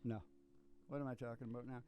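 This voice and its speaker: A man's voice: medium pitch, level tone, fast talker. Rambling man hosting a podcast. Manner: meandering, chuckling, loose storytelling. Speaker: podcast host and musician. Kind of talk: rambling casual chat.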